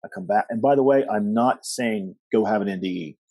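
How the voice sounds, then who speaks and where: Middle-aged male podcast guest, rambling storyteller, low and mellow voice, husky and dry. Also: a little fast, no room sound. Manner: rambling with many fillers and restarts, animated quoting. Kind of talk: storytelling interview.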